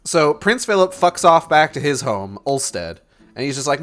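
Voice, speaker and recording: A man's voice: on the high side, very animated, moderate pace, fairly bright tone, faint music behind. A man casually recapping a movie plot as a streamer, in a rambling way full of swearing and fillers.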